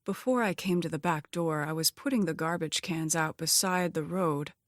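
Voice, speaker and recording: Laid-back, gently teasing homeless man, read by a woman narrator, low and dry. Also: normal speed, dry recording, lightly acted. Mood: concerned. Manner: calm, easygoing.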